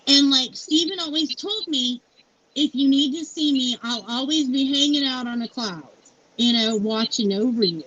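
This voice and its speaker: A woman's voice: sits high, normal speed, fairly bright tone, no room sound. A middle-aged woman interviewed as a guest, candidly telling a personal story with many fillers. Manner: candid and heartfelt, many fillers like "like" and "you know". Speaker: founder and CEO interviewed as guest. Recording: dull lo-fi sound with faint noise.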